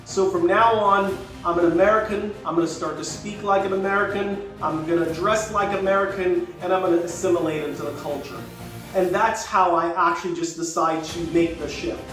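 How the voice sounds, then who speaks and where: A man's voice: sits high, fairly even intonation, brisk. An older man from Jamaica tells a personal story in a casual, reflective way, often restarting his sentences. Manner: reflective, rambling with frequent restarts. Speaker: YouTuber. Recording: very echoey room, distant mic, faint music.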